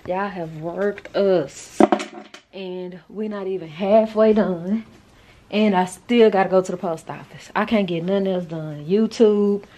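A woman with a mid-range, dark-toned voice hosts her own vlog, chatting informally to the camera during her day. She speaks at a measured pace and a steady tone, using Southern-style slang. There's a little hiss or hum.

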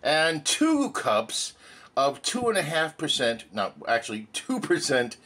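A man hosting a cooking demo in a playful, mock Southern drawl. His pitch swings widely as he hams up each line. The jokey, showy delivery suits a comic kitchen show. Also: sing-song, unhurried, bright, forceful tone. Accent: put-on Southern drawl. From California. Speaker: cooking show host and comedian. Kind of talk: comedic cooking demonstration.

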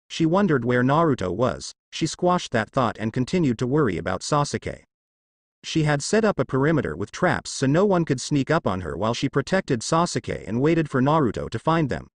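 A man narrating a fanfiction story in a steady storytelling way. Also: mid-range voice, dry recording, studio quality.

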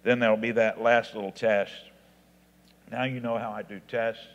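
Halting pastor in an echoing hall. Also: male voice, flat delivery, highs cut off. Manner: halting, with frequent restarts and fillers; grows louder and higher when stressing scripture. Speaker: assistant pastor teaching a Bible class. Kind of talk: informal classroom lecture on preaching. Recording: long reverb of a large hall.

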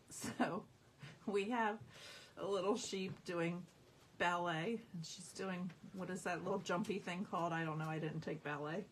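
Home crafter woman on a live stream, unhurried and a bit low-voiced, giggling through her show-and-tell, light hiss behind. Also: a bit bright. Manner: giggly, amused, chatty. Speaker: craft demonstrator. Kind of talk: live-stream product showing.

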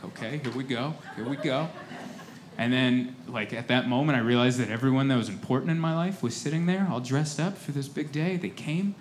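A man in his thirties works a live stand-up set with a slightly higher voice than most men. He is self-deprecating and keeps slipping into other people's voices. Clear crowd laughter and room noise sit behind him. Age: 30s. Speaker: stand-up comedian. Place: comedy stage before a laughing audience. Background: audience laughter.

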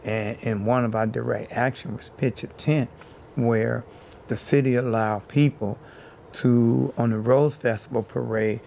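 A man with a gravelly, creaky voice at an ordinary pitch recounts his own story as an interview guest. He talks earnestly and stacks repeated phrases to drive each point home, with a faint hiss behind him. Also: fairly even intonation, measured pace, a little mellow. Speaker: interview guest, housing activist.

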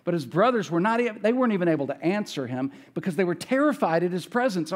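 A male pastor preaching a casual, conversational sermon, retelling scripture with folksy asides and quick self-corrections. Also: high voice, very animated. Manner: retells scripture casually, acts out characters' lines.

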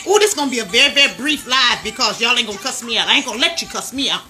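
A woman hosting a casual livestream on her phone, loud and slangy, laughing and talking straight to her viewers. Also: a little high, animated, very fast, faint music behind. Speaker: livestream host.

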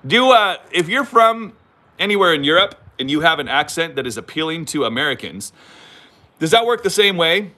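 A man's voice: on the high side, big pitch swings, normal speed, pushed and bright. A man in his thirties with a Californian accent, hosting a casual, rambling livestream from home on a phone and reading viewer comments with self-mocking humor. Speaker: channel host. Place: home, moves about the property.

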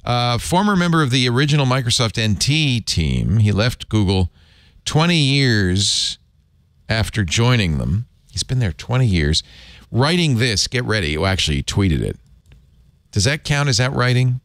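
A man's voice: mid-range voice, normal speed, no room sound, clean studio sound. A man hosting a casual tech news podcast, joking and reading out headlines. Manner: jokey, lively, reads out headlines. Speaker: podcast host.

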